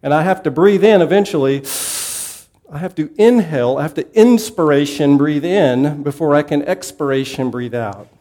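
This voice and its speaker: Mellow-voiced man teaching a Bible class. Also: fairly high pitch, moderate pace. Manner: conversational, asks the class questions, repeats key points.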